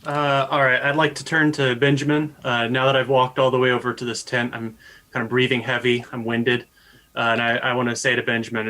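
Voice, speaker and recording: A man playing a tabletop game, quickly explaining his character's actions. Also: medium pitch, little pitch movement, pushed and bright. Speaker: player.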